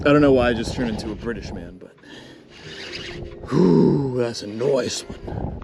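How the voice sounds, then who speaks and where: Male angler-vlogger, mid pitch, unhurried, animated outdoor commentary from a boat, coaxing fish softly. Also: vocal fry, noisy background. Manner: excited exclamations, talks gently to the fish. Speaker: fishing vlogger. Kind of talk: casual commentary while fishing. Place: small boat in tidal marsh creeks, outdoors.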